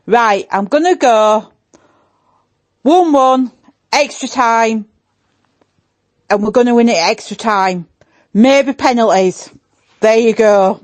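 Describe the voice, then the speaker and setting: A woman's voice: fairly high pitch, slow pace, pauses often, dry recording. Blunt Yorkshire woman. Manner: blunt, exclaiming, mock-reluctant. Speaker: podcast co-host. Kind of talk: casual chat.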